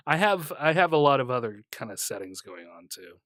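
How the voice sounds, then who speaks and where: A man's voice: mid-range voice, very animated, brisk, a bit bright, no room sound, studio quality. A man co-hosting a podcast, trading teasing banter with his co-host and reading comic news aloud with small stumbles.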